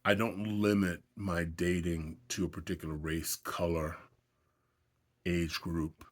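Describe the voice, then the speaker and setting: A man's voice: low-pitched, little pitch movement, slow. A middle-aged man telling his own dating stories in a wry, self-deprecating, conversational way. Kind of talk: casual storytelling to camera.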